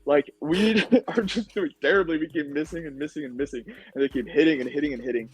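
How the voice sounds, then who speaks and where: A young man talking as a podcast guest, telling his story in an animated, casual way, full of "like" and "dude". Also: fast, soft background music, low-quality recording. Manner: animated storytelling, acts out quotes in high voices; says "like" and "dude" a lot. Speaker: podcast guest, former contestant.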